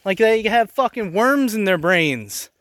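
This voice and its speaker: A man in his forties talking straight to camera about his life. His voice sits a little high and he speaks slowly. He rambles bluntly and profanely, with flashes of anger. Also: very animated, fairly bright tone, no echo, clean studio sound. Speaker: vlogger. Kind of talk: casual personal storytelling.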